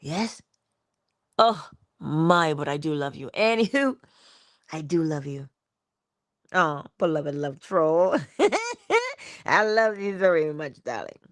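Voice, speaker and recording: Low-voiced, slow-talking woman livestream host. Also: animated, no room sound. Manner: musing, affectionate, drifts between hushed asides and bursts of laughter. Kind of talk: inspirational morning livestream talk. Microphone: livestream mic.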